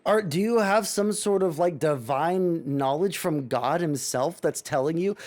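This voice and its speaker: A man's voice: high-pitched, expressive, normal speed, few pauses, a little mellow. A man giving a casual reaction commentary as a streamer, ranting sarcastically and swearing a lot.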